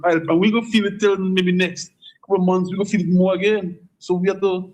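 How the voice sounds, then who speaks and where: Earnest caller, high voice. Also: male voice, little pitch movement, a little fast, darkish tone, rough recording. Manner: earnest, repeats words. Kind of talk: phone-in opinion.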